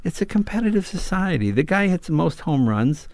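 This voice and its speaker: An older comedian guest, speaking fairly high and fairly fast, chats casually and tells stories, animatedly acting out the voices of the people in them. There's a little hiss or hum on the recording.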